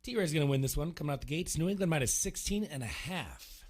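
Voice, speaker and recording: A man's voice: fairly high pitch, expressive, fast, a little mellow. A man co-hosting a sports radio show, needling the others with playful questions in casual chat.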